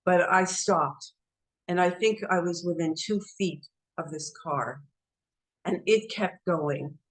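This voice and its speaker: A woman telling a personal story in a casual, halting way, repeating herself and playing down her own words. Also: on the low side, poor audio. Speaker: devotee sharing a story.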